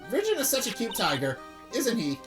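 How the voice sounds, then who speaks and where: A woman voicing a bubbly, carefree young female circus animal tamer in a game playthrough, with a chirpy, giggly, high-pitched delivery. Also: wildly swooping pitch, a little fast, over music. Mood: teasing.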